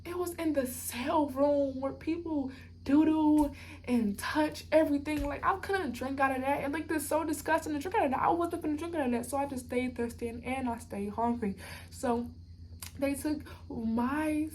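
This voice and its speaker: A young woman vlogger telling a storytime in casual chat, animated and talking straight to her viewers. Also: high-pitched, normal speed, slight background noise.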